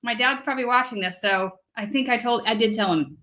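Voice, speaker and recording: Young woman host, high bright voice, chatty and giggly. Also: a little fast. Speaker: livestream host. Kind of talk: casual chat.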